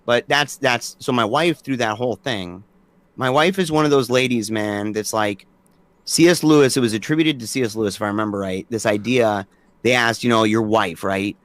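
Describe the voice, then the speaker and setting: A man's voice: medium pitch, normal speed, a bit bright, dry recording. A man in his forties, a podcast guest telling stories casually and acting out quoted dialogue with animation. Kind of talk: casual storytelling conversation.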